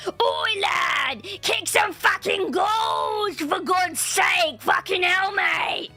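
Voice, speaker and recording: A woman voicing a boisterous male orc lad in a put-on British accent that slips into Australian bogan, shouting and swearing. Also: very high voice, expressive, extremely slow, creaky, soft background music, pitched above the performer's own voice, exaggerated voice. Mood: rowdy. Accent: put-on British, slipping into Australian bogan. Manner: shouting, swearing, blokey slang.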